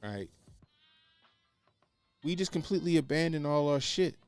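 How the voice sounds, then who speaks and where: A man's voice: on the high side, expressive, unhurried, faint music behind. A man talking in casual opinionated commentary, blunt and profane, repeating his points for emphasis. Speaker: podcast co-host.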